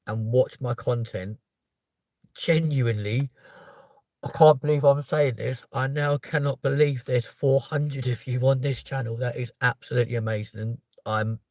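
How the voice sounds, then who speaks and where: A man speaking live to his viewers, emotional and close to tears, sighing heavily and stumbling over his words as if overwhelmed. His voice sits at a mid pitch for a man. The sound is dry and close, with no room echo. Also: darkish tone. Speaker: channel host. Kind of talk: live stream talk to viewers.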